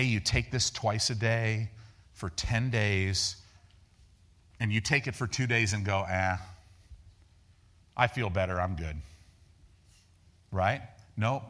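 A man preaching a sermon in a folksy, animated way, acting out the people in his stories and repeating words as he builds each point. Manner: animated, acts out dialogue with raised pitch. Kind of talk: sermon with storytelling.

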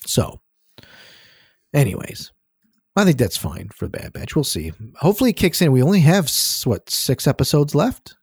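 A man co-hosting a casual podcast, halting and joking as he steers the conversation. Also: on the high side, wildly swooping pitch, husky, no echo, studio quality. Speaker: podcast co-host.

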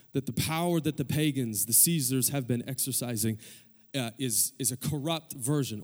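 A man preaching a sermon as pastor, calling out for amens from the congregation and building in intensity. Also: mid-range voice. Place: church sanctuary. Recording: long hall reverb.

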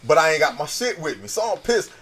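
Animated man telling a wild story. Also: a little high, quick pace, slight background noise. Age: 30s. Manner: animated, acts out voices, swears freely. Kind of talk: casual storytelling chat.

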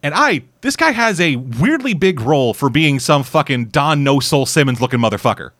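A man's voice: on the high side, sing-song, normal speed, fairly bright tone, no echo, studio quality. A Canadian man casually reviewing a series in rambling, profane chat full of restarts. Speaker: podcast host reviewing a series.

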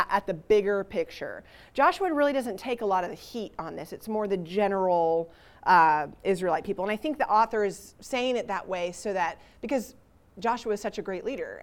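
Animated woman teaching scripture. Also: medium pitch. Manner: animated and relatable, with rhetorical questions. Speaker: Bible teacher. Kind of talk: conversational Bible teaching to a church group.

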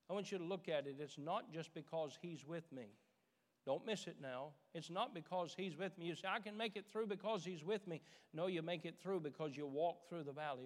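A middle-aged man preaching a sermon as pastor, repeating his phrases and rising to fervent emphasis. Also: a little high. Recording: church sanctuary with long reverb.

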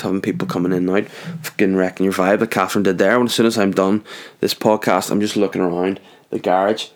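A young man hosting his own podcast from his garage, chatting in a jokey, rambling way and going off on tangents. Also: low-pitched. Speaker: podcast host. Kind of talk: rambling solo podcast chat. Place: home garage.

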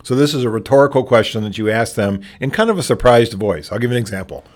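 A man giving a conversational training talk on calming difficult patrons, plainspoken, often restarting phrases and acting out sample dialogue. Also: medium pitch, fast talker.

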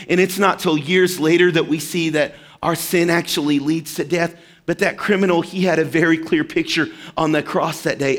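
A man preaching a sermon as pastor, animated and acting out quoted voices. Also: fairly high pitch, moderate pace.

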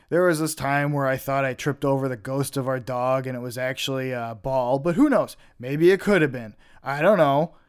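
A man's voice: medium pitch, smooth. A young man hosting a podcast, telling stories in a rambling, offhand way with casual swearing. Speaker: podcast host. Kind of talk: casual storytelling monologue.

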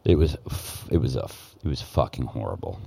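A man's voice: extremely low pitch, lively intonation, brisk, vocal fry, mellow, breathy edge, dry recording. A man telling a story in casual podcast talk, heated and profane, often restarting his sentences. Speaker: guest, former news cameraman.

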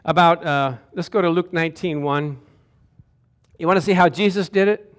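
A man preaching a sermon to a congregation, animated and calling out to them for answers. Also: fairly high pitch, moderate pace. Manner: animated, calls out to the congregation for responses. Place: church sanctuary with a congregation.

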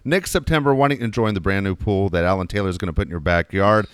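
A man's voice: low-pitched, fast, clear, resonant tone, no echo, studio quality. A man co-hosting a talk show, hyping sponsors with emphatic, casually profane talk. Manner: hyped and emphatic, swears casually. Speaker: radio show co-host.

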